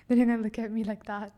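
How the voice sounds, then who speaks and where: A woman's voice: fairly high pitch, warm tone. A young woman chatting casually as a podcast guest, giggling often and tripping over repeated words. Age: young adult. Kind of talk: casual chat.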